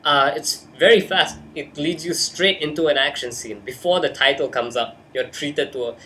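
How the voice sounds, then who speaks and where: A man's voice: on the high side, moderate pace, pushed and bright. Young man, hyper, jokey, casual movie chat, bedroom webcam, slight hiss. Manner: hyper, jokey, breaks into silly put-on voices. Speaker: host.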